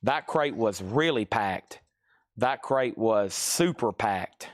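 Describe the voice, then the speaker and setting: A man's voice: lowish voice, animated. Tired man calling out record prices. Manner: rapid auction-style calling of items and prices, chatty asides. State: tired, voice getting worn. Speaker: live-stream record seller. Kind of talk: live-stream sales patter. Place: record store.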